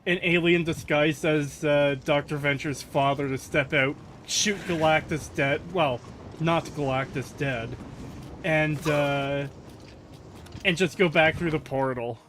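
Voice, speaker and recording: A man's voice: fairly high pitch, fairly even intonation, a little slow, a bit bright, a little hiss or hum. A man in casual chat on a game stream, talking loosely with fillers and swearing.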